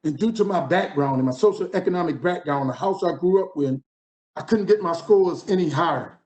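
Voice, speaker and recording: The audio is dull, but the voice comes through fairly high in pitch, darkish in tone, and fairly quick. It belongs to a fifties-something New Orleans man with a New Orleans accent giving a motivational conference keynote, repeating phrases rhythmically like a preacher.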